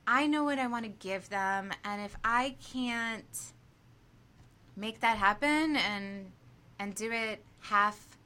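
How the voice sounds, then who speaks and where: A woman guest on a podcast, talking about her work in an animated, enthusiastic way and laughing often. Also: a little high, slow pace, smooth. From United States. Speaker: podcast guest, aerial yoga teacher. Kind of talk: casual podcast chat.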